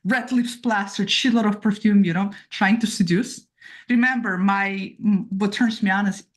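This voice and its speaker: A woman's voice: mid-range voice, fairly even intonation, moderate pace. A woman hosting a casual chat with a playful, bawdy, rambling manner. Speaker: host, tarot reader.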